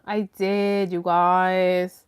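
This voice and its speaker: A woman hosting a live stream, telling her viewers a story casually, rambling and animated, with lots of "like" and some swearing. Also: lowish voice, extremely slow, smooth. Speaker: host of a live chat stream.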